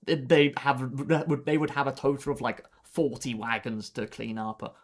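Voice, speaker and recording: Speaking at a measured pace with a steady tone and medium pitch, this man is doing live gameplay commentary while streaming. He sounds weary, giving his teammates rambling, exasperated instructions one step at a time.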